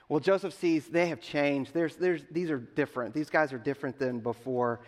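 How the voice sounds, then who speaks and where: Brief: male pastor, slightly higher voice, chatty storyteller's sermon, long hall reverb. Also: fairly even intonation, moderate pace, few pauses. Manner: conversational storytelling, addressing the congregation directly.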